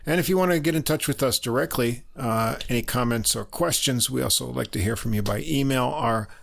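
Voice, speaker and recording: A man co-hosting a podcast in relaxed, unhurried chat with a dry sense of humor and a lot of ums and uhs. His voice has a gravelly, creaky edge at mid pitch. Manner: dry joking, many uh fillers. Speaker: podcast co-host. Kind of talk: casual chat.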